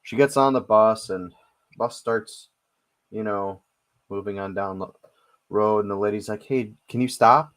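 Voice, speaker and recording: A man's voice: lowish voice, steady tone, unhurried, long pauses. A man in casual chat, joking and laughing easily, with a phlegmy cough. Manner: jokey, laughs easily, tells jokes too.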